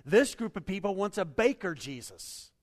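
Male pastor, lively sermon delivery, raised pitch, reverberant hall. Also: normal speed. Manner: animated preaching with acted-out quotes, shifting loud and soft.

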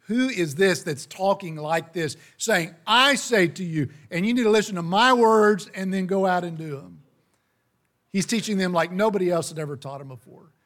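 High-voiced man preaching a sermon. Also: fairly bright tone. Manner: emphatic, slows down on key phrases, rhetorical questions.

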